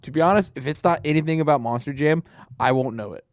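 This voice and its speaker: A man's voice: on the high side, fast, dry recording, studio quality. A young man co-hosting a casual motorsport podcast, laughing often and teasing. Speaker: podcast co-host.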